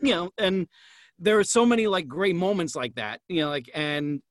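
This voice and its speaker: A man's voice: high-pitched, animated, normal speed, no room sound. A middle-aged man hosting an interview, asking long, meandering questions. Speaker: host. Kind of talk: casual interview chat.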